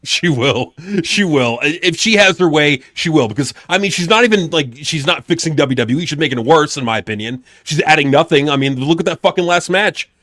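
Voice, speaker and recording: Co-host, man, lively pitch, blunt joking takes. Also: brisk, few pauses. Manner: joking, laughing, blunt opinions. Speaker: podcast co-host. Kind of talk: casual wrestling chat.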